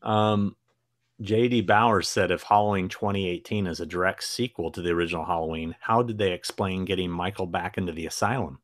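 A man's voice: deep voice, fairly even intonation, a little fast, no echo. A man co-hosting a live horror podcast in casual chat, playful and prone to restarts. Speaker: podcast co-host.

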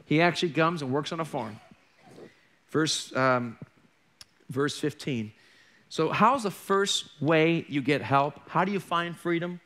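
High bright-voiced male preacher. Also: moderate pace. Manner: conversational, jokey asides and acted-out quotes. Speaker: pastor. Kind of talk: sermon.

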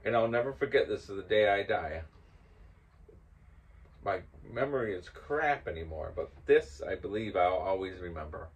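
An older man hosting and casually telling a story, growing loud and laughing as it builds. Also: deep voice, expressive, normal speed. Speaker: host.

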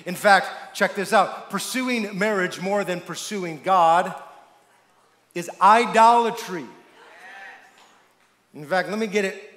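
A man's voice: sits high, slow, long pauses, fairly bright tone. A male pastor preaching a sermon, emphatic and tossing questions to the congregation to finish his lines. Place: church sanctuary. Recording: echoey church hall with long reverb.

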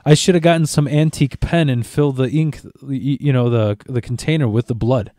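Brief: young male podcast co-host, rambling and profane, warm mellow tone, dry close sound. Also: mid-range voice, no echo. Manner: rambling, profane, halting restarts. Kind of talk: casual chat.

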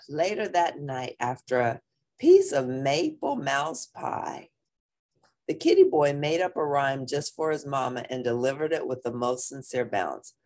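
Slow, husky female reader for a children's book, playful and very lively in pitch. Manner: expressive, playful. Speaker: storybook reader. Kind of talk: children's read-aloud.

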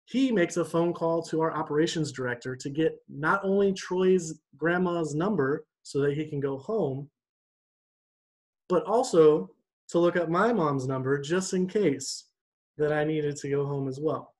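A young man giving a church devotion, telling a personal story in an animated, conversational way. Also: on the high side, a little slow, poor audio.

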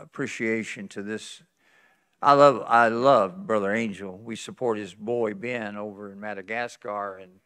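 A man's voice: fairly low pitch, a bit bright. A man in his eighties from West Virginia, a pastor with a West Virginian accent, telling folksy stories at a conference sermon and chuckling often. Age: 80s. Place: church conference hall.

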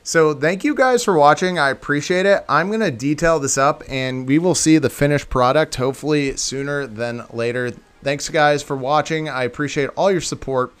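A fairly high-pitched, smooth, fairly bright male voice moves along at normal speed with few pauses. He's a video game tutorial creator casually commenting on a building tutorial, chatting to the "guys" watching and thinking aloud as he sets himself straight.

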